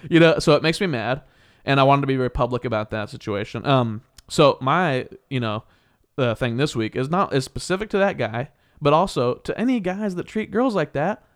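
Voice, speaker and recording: Animated young man telling a heated story. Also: medium pitch, fairly quick. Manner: animated, heated storytelling with frequent laughs and profanity. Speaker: podcast co-host. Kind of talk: casual storytelling chat.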